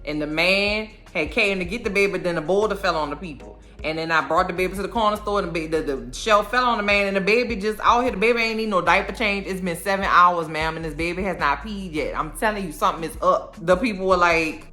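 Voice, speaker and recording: A woman giving a casual, animated and sassy recap of a TV episode. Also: lowish voice, fast, few pauses. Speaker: show recapper.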